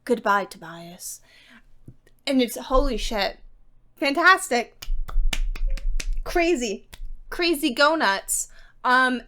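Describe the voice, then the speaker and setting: A woman reading vlogger giving a casual book recap and review, excitable and emphatic, swearing offhandedly. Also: a little high.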